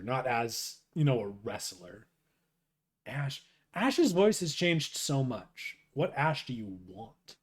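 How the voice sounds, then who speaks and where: A young man chatting casually on a live stream, rambling and self-deprecating, with frequent restarts. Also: mid-range voice. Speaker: streamer reading a webcomic aloud.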